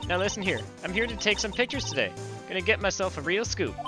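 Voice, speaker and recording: A man's voice: high voice, expressive, quick pace, pitched above the performer's own voice. A man voicing a brash, pushy woman photographer with a put-on Southern US drawl in a video game. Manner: loud, bossy drawl. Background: game music.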